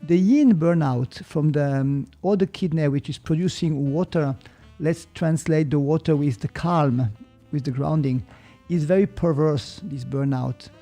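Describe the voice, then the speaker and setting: A man with a Swiss German accent, a podcast guest who explains calmly and hesitantly and sometimes searches for English words. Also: fairly high pitch, a little slow, faint music behind. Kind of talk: reflective podcast conversation.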